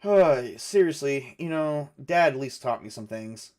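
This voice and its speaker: A man's voice: mid-range voice, animated, measured pace, a little mellow, close to an everyday voice. A man voicing a wounded young man who talks in a casual, offhand way.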